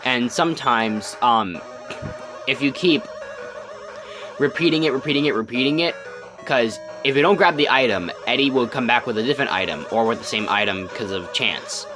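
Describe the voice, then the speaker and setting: Music plays under this young man's casual gameplay commentary, delivered at medium pitch and a moderate pace. He's the let's play host, just awake with a scratchy morning voice, and he rambles, ums, and restarts often.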